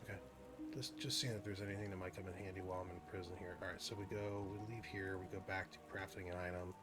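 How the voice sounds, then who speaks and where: A man's voice: deep voice, little pitch movement, fast, music in the background. A man giving chatty gameplay commentary, thinking aloud and poking fun at himself. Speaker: gaming video host.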